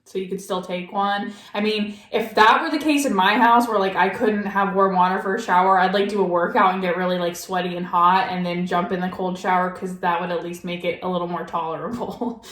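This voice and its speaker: A woman's voice: lowish voice, steady tone, fairly quick, few pauses, fairly bright tone, roomy sound, recorded from a distance. A woman hosting a reaction video, chatting casually with lots of "like" and thinking aloud.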